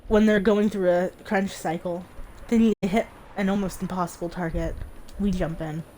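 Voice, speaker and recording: Woman doing a low, worn-out shy developer. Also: steady tone, normal speed, slight background noise, natural voice. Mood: tired, shy. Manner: quiet, subdued, hesitant.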